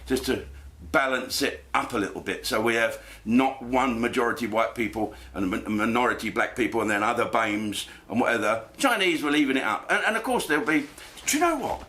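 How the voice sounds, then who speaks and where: A man doing a crude, swearing comedy monologue, telling stories with lively delivery. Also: mid-range voice, fairly quick.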